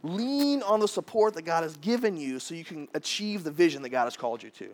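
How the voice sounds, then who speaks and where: A man in his thirties preaching a casual, animated sermon, jumping to loud high bursts when he acts out quotes. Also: a little fast. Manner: casual, repeats words as he restarts. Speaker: pastor.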